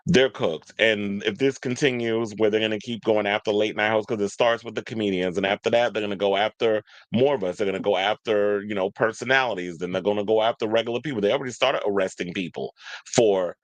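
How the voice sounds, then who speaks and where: A man's voice: on the low side, fairly quick, dry recording, low-quality recording. A man hosting a podcast, giving casual commentary in a loose, profane and gossipy way that rambles from point to point. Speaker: podcast host.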